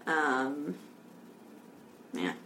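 A woman's voice: sits low, expressive, drawn-out words, fairly bright tone. Chatty young woman in an echoey room. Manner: chatty, laughs often, rambling with fillers. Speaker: podcast co-host. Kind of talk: casual chat. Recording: echoey room with faint noise.

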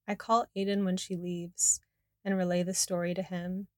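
A woman's voice: on the low side, level tone, normal speed, no echo, studio quality. A woman narrating her own memoir in a candid, confessional first-person way.

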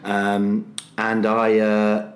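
A man's voice: on the low side, monotone, drawn-out words. A man, a comedian and podcast co-host, telling a loose, rambling comic story full of fillers and acted-out voices. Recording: roomy echo.

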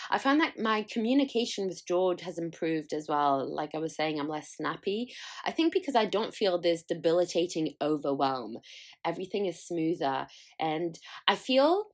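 A young adult woman hosting a solo podcast, talking candidly and chattily, swearing freely and laughing at herself. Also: on the low side. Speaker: podcast host.

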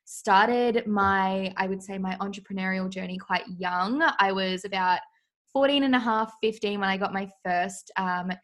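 A woman's voice: mid-range voice, moderate pace. A woman with an Australian accent, a business coach talking as a guest on a podcast in a playful, chatty way. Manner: playful, chatty, laughs easily. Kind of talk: casual interview chat.

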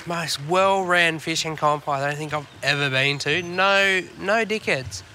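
A man's voice: fairly high pitch, unhurried, bright, forceful tone, a little hiss or hum. An Australian man co-hosting a fishing podcast from a boat, chatting casually in a laid-back, rambling way and swearing freely. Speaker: podcast co-host. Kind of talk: casual chat. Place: on a boat on the water.

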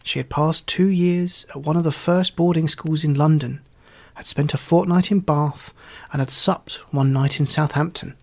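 A man narrating a story in an audiobook, reading in a measured, wry way. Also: a little high, fairly even intonation, vocal fry. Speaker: reader.

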